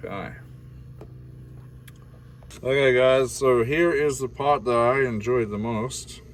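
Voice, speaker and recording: A man's voice: mid-range voice, slow pace, slight background noise. An Australian man from Australia casually vlogging his cooking inside a camper van, rambling along with lots of fillers and calling his viewers guys.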